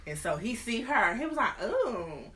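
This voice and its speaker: A woman host retelling a story in an animated, slangy, comic way. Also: fairly high pitch, fairly quick, slight background noise. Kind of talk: casual storytelling.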